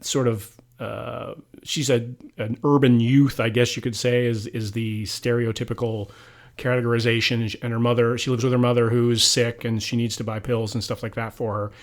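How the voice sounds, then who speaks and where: A man's voice: medium pitch, level tone, normal speed. A man co-hosting a movie review podcast in a loose, casual chat, often trailing off with fillers and restarting his sentences. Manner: rambling, full of fillers and restarts. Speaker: podcast co-host.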